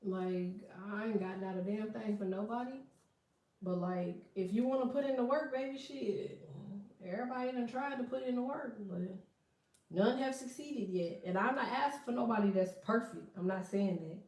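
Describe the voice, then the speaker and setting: A woman's voice: fairly high pitch, normal speed, darkish tone. A woman giving a casual tarot reading, blunt and profane, breaking into laughing asides. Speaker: tarot reader. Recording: echoey room, distant from mic.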